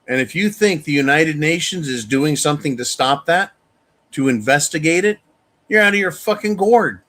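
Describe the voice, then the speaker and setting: A man's voice: a little high, lively intonation, moderate pace, a bit bright. A man hosting a show, delivering an angry, profane monologue rant. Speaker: show host. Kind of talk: opinion monologue.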